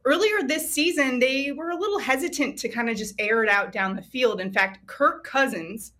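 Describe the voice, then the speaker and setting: A woman guest on a sports show, excitedly breaking down football stats and betting lines. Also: high voice. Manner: excited, stat-heavy, quick to laugh. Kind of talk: sports analysis talk.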